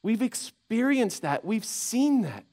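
A man preaching a sermon as pastor, conversational and animated, acting out inner voices with frequent restarts. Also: sits high, slow pace. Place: church sanctuary.

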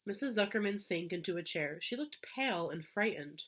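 A woman teacher reading a children's storybook aloud to fourth graders in a gentle, expressive way. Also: on the low side, moderate pace.

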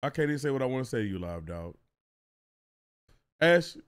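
A young man streaming live, ranting to his chat in a casual, profane, animated way. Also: fairly high pitch, brisk, long pauses.

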